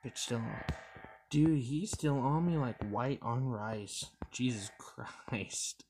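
A man's voice: mid-range voice, takes it slowly, noisy background. A man giving gameplay commentary on a horror game, swearing often and reacting in jumpy outbursts. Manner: profane, jumpy, excitable reactions. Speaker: gamer.

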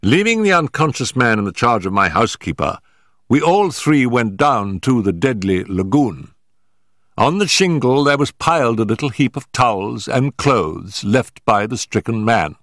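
A man narrating an audiobook in a deliberate, dramatic manner. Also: medium pitch, sing-song, fairly bright tone, no room sound, clean studio sound. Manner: deliberate and dramatic, in period prose. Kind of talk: scripted narration.

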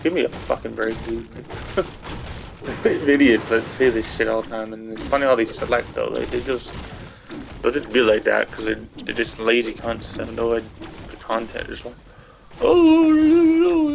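Vlogger, male, fried gravelly voice, crude and dismissive. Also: medium pitch, background noise. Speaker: gaming and wrestling vlogger. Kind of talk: profane rant to camera.

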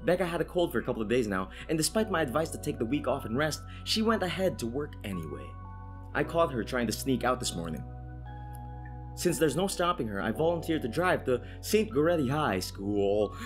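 A man hosting a let's play, reading a visual novel's narration aloud in an animated way and laughing often with his friends. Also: medium pitch, fairly quick, faint music behind.

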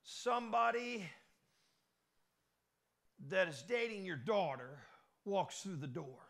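A man preaching a sermon as pastor, folksy and lively, with call-and-response asides to the congregation and a Midwestern American accent. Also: sits high, slow pace, creaky.

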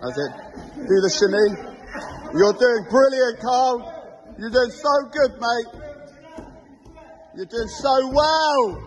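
A man's voice: very high voice, slow pace, long pauses, darkish tone, a faint crowd. A man, cheering and encouraging people through exercises at a class in a gym hall. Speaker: class helper cheering participants. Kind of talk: encouraging shouts at a fitness class. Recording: reverberant hall with group noise.

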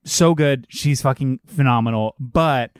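A man's voice: mid-range voice, unhurried, clean tone, dry recording, clean studio sound. A young man co-hosting a podcast, chatting casually and animatedly, swearing freely and acting out quotes in shifting voices. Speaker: podcast co-host. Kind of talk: casual chat.

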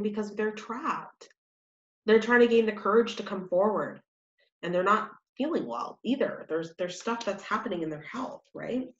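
A chatty woman reads tarot cards in a loose, rambling way, full of fillers. Her pitch moves a lot as she talks. The sound is roomy and slightly muffled. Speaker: tarot reader. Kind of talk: casual tarot reading.

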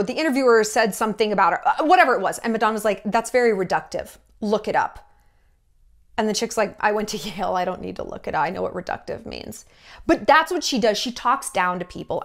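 A woman in her thirties talking in a blunt, gossipy, profane way in a casual commentary vlog. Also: on the high side. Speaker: YouTube commentator.

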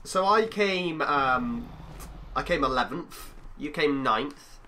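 Young male gaming guest, bright tone, good-natured. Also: fairly high pitch, animated, slow pace, a little hiss or hum. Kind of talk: casual gaming banter.

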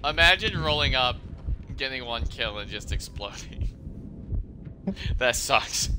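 A man streaming a shooter game in casual chat, excitable, swearing and yelling at the action. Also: mid-range voice, slow pace. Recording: game gunfire and vehicle noise behind voice. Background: game gunfire and explosions.

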